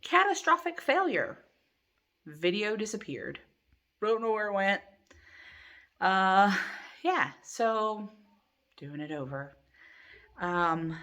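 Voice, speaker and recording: A woman's voice: on the low side, bright, forceful tone. A middle-aged woman hosting a crochet channel, chatting casually and rambling with many ums from her living room at home. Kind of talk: casual chat to camera.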